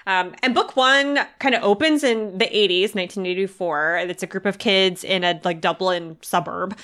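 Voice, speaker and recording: A woman co-hosting a podcast chats casually about books in a medium-pitched, sharp-toned voice at normal speed. She laughs often and fills her speech with "like."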